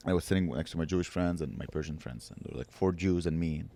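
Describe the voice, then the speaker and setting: A man's voice: deep voice, quick pace, dark tone. A young man from Montreal co-hosting a comedy podcast, talking bluntly and teasing his co-host with plenty of swearing. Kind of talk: casual comedy podcast chat.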